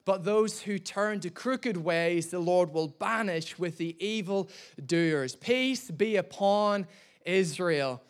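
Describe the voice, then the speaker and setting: A man, a pastor, preaching a sermon and telling a personal story in a lively, humorous way. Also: high voice, slow pace.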